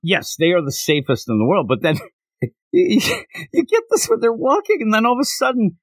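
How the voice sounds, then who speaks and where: A podcast co-host with a high voice talks fairly quickly, with no room sound in the recording. He chats casually about a manga chapter, staying animated, laughing often, and acting out the characters' lines.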